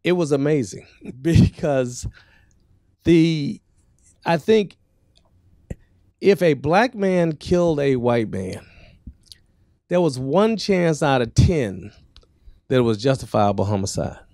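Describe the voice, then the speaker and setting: A man, co-author of the book, adding points at a book talk, halting and repeating words as he builds his argument. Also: on the high side, big pitch swings, warm tone, no room sound, clean studio sound.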